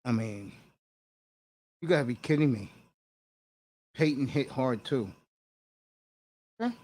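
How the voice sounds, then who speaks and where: A man hosting a sports livestream, briskly giving live score updates and casual banter. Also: mid-range voice, a little mellow. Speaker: host.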